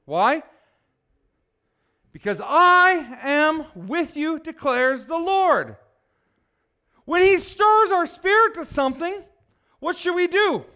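A male pastor preaching a sermon, swinging from quiet asides to loud, emphatic exhortation. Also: extremely high pitch, expressive, slow pace, long pauses.

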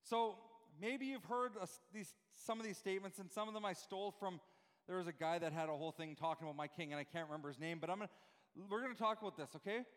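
A man with a very high voice preaches a fervent sermon, throwing rhetorical questions at his congregation. His voice rings with a long reverb from the church hall around him. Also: fast talker, fairly bright tone. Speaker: pastor. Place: church room with live audience, also streamed.

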